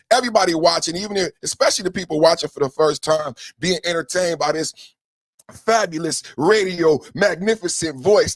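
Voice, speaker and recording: A man's voice: a little high, dry recording. A man hosting a podcast with hype-man energy, chanting catchphrases and slipping into sing-song rhymes. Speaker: podcast host. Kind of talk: hyped podcast monologue.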